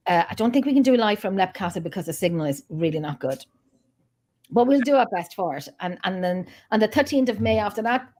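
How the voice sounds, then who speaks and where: Chatty woman guest rambling thru her plans, ums everywhere, middle pitch. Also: darkish tone. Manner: rambling, frequent ums and restarts. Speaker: paranormal investigation group founder, guest. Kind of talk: casual chat.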